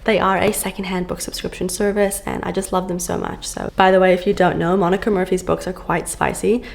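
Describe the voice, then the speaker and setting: A woman's voice: on the low side, level tone, a little fast, vocal fry. A woman book vlogger chatting casually to camera, gushing and full of fillers, filmed at home on a camera on a stand.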